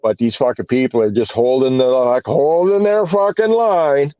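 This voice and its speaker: A man's voice: medium pitch, moderate pace, dry recording. A man in casual podcast chat, telling a rambling story full of swearing and filler words. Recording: dull, dry lo-fi podcast audio.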